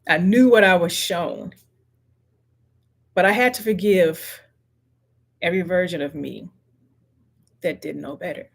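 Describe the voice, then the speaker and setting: Her voice fairly low, creaky and husky, a middle-aged woman hosts a motivational live stream close to the mic. She speaks slowly and earnestly, repeating every affirmation as though to a lone viewer.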